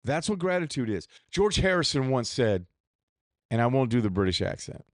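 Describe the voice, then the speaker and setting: The host of this solo podcast is a man with a medium-pitched, very animated voice, speaking at normal speed in a studio-quality recording free of echo. His reflective monologue is candid and profane, wandering along with frequent restarts.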